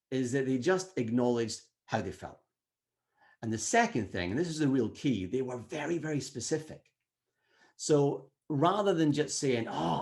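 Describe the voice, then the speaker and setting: A middle-aged man giving an energetic motivational talk at a wellbeing summit, acting out quoted inner voices. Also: medium pitch.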